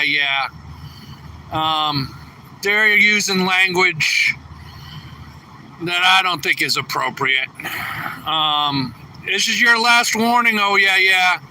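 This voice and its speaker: A tired trucker livestreaming outdoors, chatting casually and reading viewer comments aloud. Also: male voice, bright, forceful tone. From New England. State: a little tired. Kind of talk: casual live stream chat. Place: outdoors at a truck distribution center. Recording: distant phone mic with faint traffic noise. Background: trucks rumbling.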